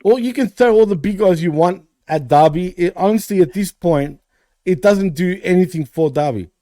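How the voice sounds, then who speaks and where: Male co-host, slightly high voice, laughs often, casual swearing, dry sound. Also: moderate pace, warm tone, dry recording. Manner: laughs a lot, swears, says man. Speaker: podcast co-host. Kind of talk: casual wrestling recap chat.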